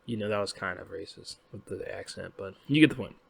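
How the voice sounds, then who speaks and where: A man's voice: sits low, quick pace, creaky, slightly rough, dry recording. A young American man hosting a casual commentary vlog, rambling and often checking in with "right?". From United States. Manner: rambling, frequent "right?", swearing. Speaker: host.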